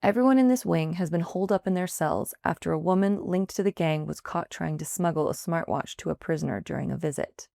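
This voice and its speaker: A woman reporter reading a written field investigation aloud in a measured, even scripted news narration. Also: on the low side, vocal fry, dry recording, clean studio sound.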